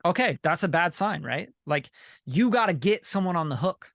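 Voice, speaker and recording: A man's voice: high-pitched, lively intonation, normal speed, gravelly, fairly bright tone, no echo, clean studio sound. A man coaching a member on a video call, blunt, profane and repetitive, often asking "you know what I'm saying". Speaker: sync licensing coach and group leader.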